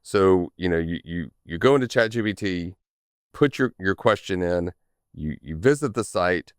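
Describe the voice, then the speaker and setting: A man with a Southern US drawl talks casually as a podcast guest. His voice is very low and smooth. He restarts phrases and checks in with "right?", recorded dry and close. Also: animated, moderate pace, no echo. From Tennessee. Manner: repeats words often, frequent "right?" tags, laughs easily. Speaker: podcast guest, channel sales manager.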